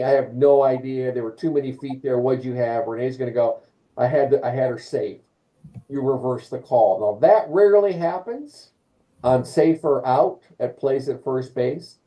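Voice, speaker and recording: A man teaching umpires in a live training session, lively, often restarting phrases and acting out calls. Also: medium pitch, poor audio. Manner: animated, acts out calls and quotes. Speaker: umpire clinic instructor.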